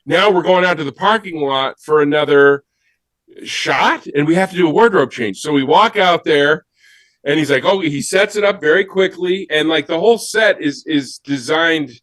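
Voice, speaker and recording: A man telling a story on a panel, animated and giggly, acting out what others said. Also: fairly high pitch, normal speed, no room sound.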